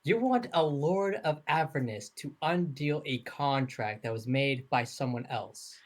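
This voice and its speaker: A man's voice: mid-range voice, measured pace. A man playing a tabletop game, skeptical and teasing in casual chat. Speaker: player.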